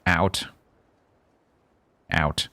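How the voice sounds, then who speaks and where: A man's voice: extremely slow, pushed and bright, no room sound. A man streaming a game live, chatting casually in a rambling, self-mocking, joking way.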